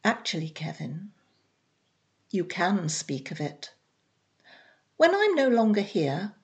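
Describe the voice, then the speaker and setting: A woman reading aloud, voicing a weary older woman who speaks quietly and slowly. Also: medium pitch. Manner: quiet, soft-spoken.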